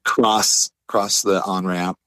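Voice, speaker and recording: A man telling a story casually, laid-back, full of fillers, acting out quotes in a higher voice. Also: slow pace, no room sound. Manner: animated, acts out quotes in a higher voice. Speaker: podcast guest.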